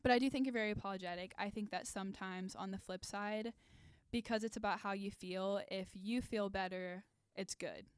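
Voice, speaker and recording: A woman co-hosting a podcast, asking gentle questions and answering in a thoughtful, measured way. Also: medium pitch, fairly even intonation, clean tone, no echo, clean studio sound. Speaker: podcast co-host. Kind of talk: candid podcast conversation.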